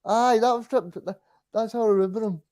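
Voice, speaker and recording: A man's voice: high-pitched, a little fast, warm tone, no room sound. Hesitant young Scottish man, dry sound. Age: 20s. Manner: hesitant, stumbles over answers. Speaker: guest supporter. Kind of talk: casual quiz chat.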